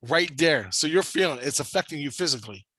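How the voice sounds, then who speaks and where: A man's voice: a little high, lively intonation, fast, pushed and bright, husky, dry recording. A man telling a long, rambling story in casual conversation, swearing constantly and talking with intensity. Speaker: storyteller recounting a spirit-world experience.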